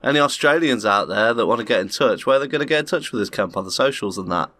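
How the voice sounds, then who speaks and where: A man's voice: mid-range voice, lively intonation, quick pace, sharp tone, dry recording. A middle-aged man co-hosting a podcast in a garage, jokey and rambling, swearing freely. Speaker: podcast co-host. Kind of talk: casual chat.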